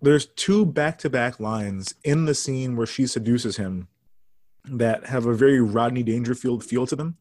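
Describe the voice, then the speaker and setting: A man hosting a podcast, relaxed and chuckling as he recounts movie lines in casual chat. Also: mid-range voice, a little slow, dry recording. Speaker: podcast host.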